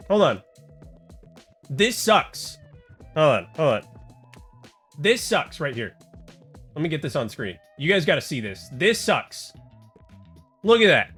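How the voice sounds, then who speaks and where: Excitable guy streaming, pitched a touch high, rambling to chat over quiet music. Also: breathy edge. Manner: rambling and excitable, heavy on "like" and "dude"; talks to chat, reads text aloud. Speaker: livestreamer. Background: faint music.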